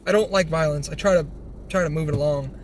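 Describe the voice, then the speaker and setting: A young man telling a rambling personal story, animated, swearing freely and restarting his sentences. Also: fairly high pitch, quick pace. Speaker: vlogger. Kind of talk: casual storytelling. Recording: faint background noise.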